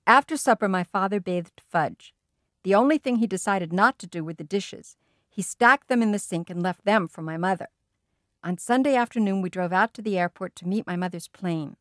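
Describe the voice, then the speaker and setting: A woman reads a children's story aloud in a lively, expressive manner. Her voice sits at a middle pitch, and the recording is close and dry. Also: moderate pace, no room sound. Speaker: audiobook reader. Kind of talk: storybook narration.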